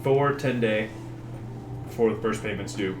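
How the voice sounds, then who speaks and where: Man player, deliberate, somewhat low voice, echoey, humming noise. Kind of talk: casual tabletop game play.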